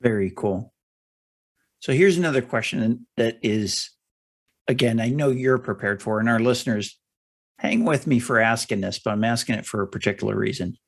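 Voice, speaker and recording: A woman hosting a podcast, asking careful, measured questions of her guest. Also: very deep voice. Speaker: podcast host. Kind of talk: interview questions.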